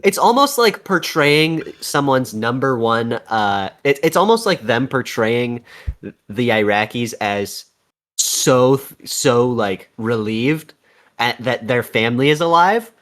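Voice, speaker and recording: A man's voice: medium pitch, expressive, slow, fairly bright tone. A man co-hosting a reaction video, rambling in casual chat and mocking what he watches.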